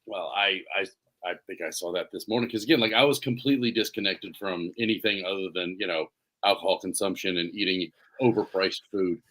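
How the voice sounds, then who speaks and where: Fairly quick and deep-voiced, this man co-hosts a podcast. He chats casually, drifting through stories in a relaxed, rambling manner.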